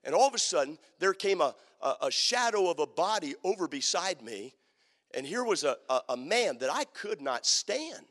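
A man preaching a sermon as a story, turning dramatically from loud to hushed. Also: a little high, big pitch swings, moderate pace. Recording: long reverb of a large hall.

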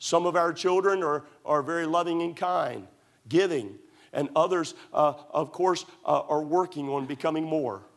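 A man's voice: fairly high pitch, moderate pace. Emphatic storytelling preacher man. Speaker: pastor. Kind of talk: sermon.

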